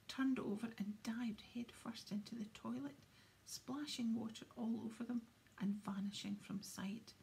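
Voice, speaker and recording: A woman reading a children's novel aloud in a soft, hushed whisper. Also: on the high side, a little hiss or hum. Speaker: audiobook reader.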